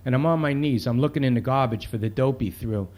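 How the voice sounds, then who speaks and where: A man's voice: medium pitch, fast talker, a little mellow, close to an everyday voice. Brief: brash city cop, profane, talks in street slang; a male author reads him. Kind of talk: reading aloud from a novel.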